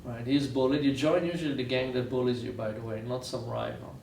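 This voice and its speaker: A man's voice: medium pitch, steady tone, fairly quick, gravelly, darkish tone, reverberant, a little hiss or hum. A man from Israel giving a lecture, telling stories earnestly and repeating phrases for weight, recorded from far off in a university lecture room. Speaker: guest lecturer. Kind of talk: storytelling lecture.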